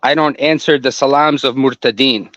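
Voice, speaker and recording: A man's voice: medium pitch, fairly even intonation, normal speed, fairly bright tone, no echo. A man calling in to a debate stream, combative and openly insulting. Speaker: caller.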